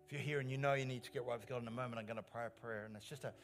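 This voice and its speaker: A man's voice: mid-range voice, fairly even intonation, very fast, faint music behind. A male pastor delivering an earnest sermon in a church, stressing lines by repeating them. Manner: earnest preaching with rising emphatic phrases and repeated lines.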